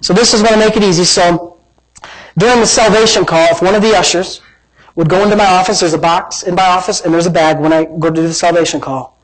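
A pastor with a high, steady-toned voice preaches fast in a low-quality recording. He is emphatic and repetitive, plays out imagined exchanges, and then leads a prayer and an altar call.

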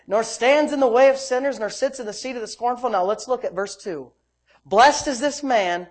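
A man's voice: very high-pitched, normal speed. A man preaching a sermon as pastor, fervent and exclaiming praise between verses.

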